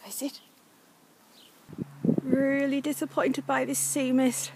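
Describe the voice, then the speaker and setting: A young woman from North East England narrates a casual vlog as she walks her dog on the coast, sounding frustrated and using lots of fillers. Her high voice is level and darkish, she takes it slowly, and there's a little hiss or hum.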